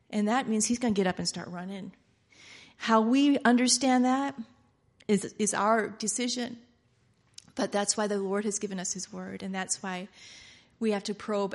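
A woman preaching a sermon in an animated way, laughing often and acting out quoted lines. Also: medium pitch.

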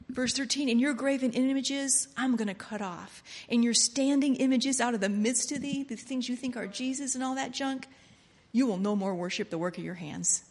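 A woman preaching a passionate sermon, swinging between soft, intimate lines and loud exclamations. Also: fairly high pitch.

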